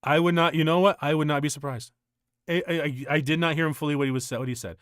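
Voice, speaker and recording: A male streamer telling a personal story in casual chat, rambling and halting, with many restarts. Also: on the high side, fairly even intonation, no room sound, studio quality.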